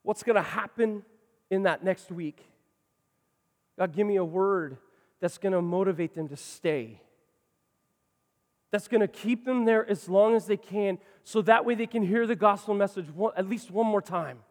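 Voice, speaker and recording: A man preaching a sermon as pastor, swinging between loud passionate lines and quiet ones. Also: high voice, moderate pace, big-room sound.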